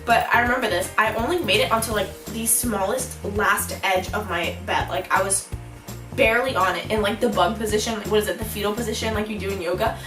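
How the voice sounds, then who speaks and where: A young woman vlogger telling a storytime in an animated, giggly way, acting out her own shouts. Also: medium pitch, brisk, recorded from a distance. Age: young adult. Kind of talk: storytime vlog. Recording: echoey room, a bit off-mic, music behind.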